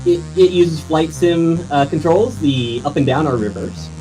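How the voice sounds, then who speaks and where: A man's voice: fairly high pitch, measured pace, rough recording. A man co-commentating a game race casually, explaining how the game works. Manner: explanatory, chuckling asides. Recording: faint game music behind.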